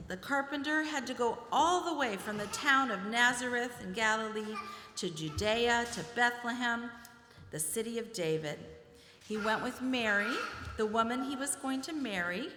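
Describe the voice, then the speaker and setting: A woman narrates a nativity pageant for children, her voice rising and falling widely and sitting a little high. She tells the story and guides the children in a long, ringing church hall, with clear music underneath. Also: slight background noise. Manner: animated, directing children warmly. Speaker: religious education leader narrating a pageant. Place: church sanctuary.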